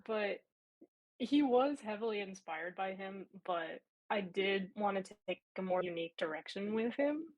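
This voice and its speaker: A woman's voice: medium pitch, expressive, measured pace, lo-fi sound. Playful woman tabletop player. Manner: vivid, playful action description. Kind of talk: describing her character's actions in a tabletop game.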